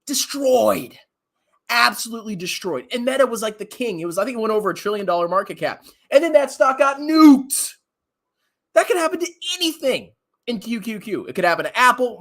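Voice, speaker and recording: Animated, mocking finance commentator man. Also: high-pitched, normal speed. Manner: animated, mocking, laughs often. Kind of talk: livestream rant, reading chat questions.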